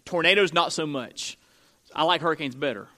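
A pastor from Florida preaching to his congregation in a high, bright voice. He talks conversationally, slipping in joking asides between Scripture readings. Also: fairly quick. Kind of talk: sermon.

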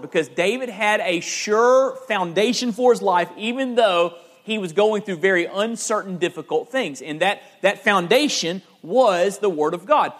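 Earnest high-voiced male pastor preaching. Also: expressive, unhurried, fairly bright tone. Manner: earnest, repeats words, rising emphatic exhortation. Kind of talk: sermon.

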